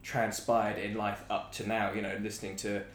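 Low-voiced young man in an echoey room. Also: level tone, normal speed. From south of England. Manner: reflective, candid storytelling with fillers. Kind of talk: casual chat. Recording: echoey room with faint background noise.

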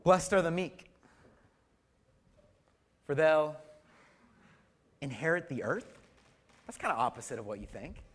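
A middle-aged male pastor preaching a sermon, swinging between loud emphatic lines and soft hushed ones, asking the congregation questions with light humor. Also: a little high, lively intonation, measured pace, pauses often, breathy edge.

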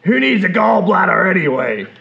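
Brash gruff Jersey guy, punchy deadpan quips, done by a male host; gravelly, lo-fi. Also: high voice, normal speed, voice pushed up, heavily acted. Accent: New Jersey put-on. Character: brash gruff Jersey man, impression of a comic actor.

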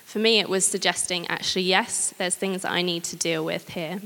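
A woman preaching a sermon, candid and personal, with gentle humor. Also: fairly low pitch, steady tone, normal speed. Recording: long hall reverb.

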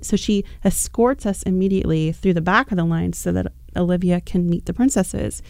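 A woman on a podcast telling an animated, chatty story, with plenty of fillers. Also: on the low side, fairly quick, gravelly, hardly any pauses, dry recording, studio quality. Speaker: podcast guest.

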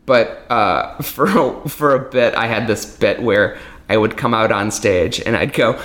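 A man's voice: on the low side, unhurried, fairly bright tone. Candid, storytelling man in casual chat. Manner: candid storytelling, laughs often, swears casually. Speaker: magician guest. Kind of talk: casual podcast conversation.

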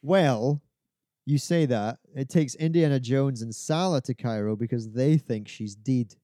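A man co-hosting a casual podcast, chiming in with quick corrections and agreement. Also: medium pitch, dark tone, dry recording, studio quality. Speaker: podcast co-host. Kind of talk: casual film chat.

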